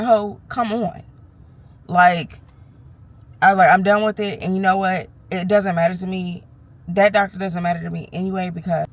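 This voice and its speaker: Frank cursing woman vlogger. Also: on the low side. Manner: frank, fired-up storytelling with cursing. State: nervous. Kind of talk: candid vlog. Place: parked car or doctor's office.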